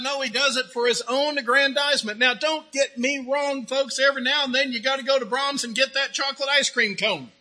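High-voiced preacher with a folksy, joking tone. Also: male voice, sharp tone, poor audio. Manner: conversational, with rhetorical questions and humorous asides. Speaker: pastor. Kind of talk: sermon.

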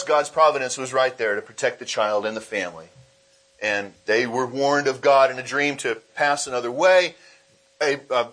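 A man preaching a sermon as pastor, reading scripture aloud and explaining it, slipping into acted voices for the people in the story. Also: medium pitch. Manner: animated, acts out quoted voices.

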